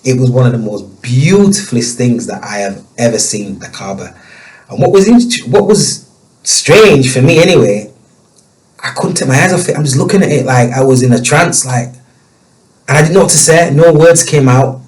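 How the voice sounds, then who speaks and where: A man telling a personal story as a guest, emotional and halting, with many restarts. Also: mid-range voice, a little mellow, low-quality recording.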